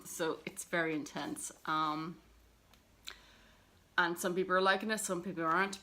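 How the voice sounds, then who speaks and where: A woman's voice: on the low side, sharp tone. A woman talking casually to camera about her books, rambling and self-deprecating with plenty of fillers. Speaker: book vlogger.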